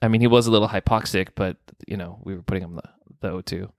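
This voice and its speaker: A man who works as a nurse, telling a work story casually, animated and swearing often. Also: deep voice, quick pace, dry recording, clean studio sound. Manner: animated, swearing, acts out dialogue.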